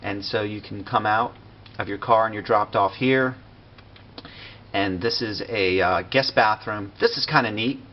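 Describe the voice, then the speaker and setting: A man giving a casual walkthrough of a building he made in a game, relaxed and full of fillers and pauses. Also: fairly low pitch. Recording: dull lo-fi recording with faint noise.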